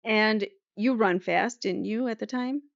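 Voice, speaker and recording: A woman's voice: mid-range voice, a little slow, gravelly, no echo. A woman voicing a courtroom prosecutor who cross-examines with pressing, repetitive questions. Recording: slightly muffled dry recording.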